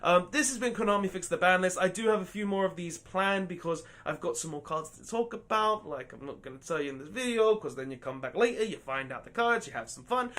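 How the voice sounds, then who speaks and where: A man with a fairly high-pitched voice presents his own card game channel. He argues his opinion emphatically, circling back and repeating points and often restarting words mid-sentence. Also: lively intonation, brisk, hardly any pauses, a bit bright. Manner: emphatic, repetitive, stumbling restarts. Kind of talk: opinionated commentary vlog.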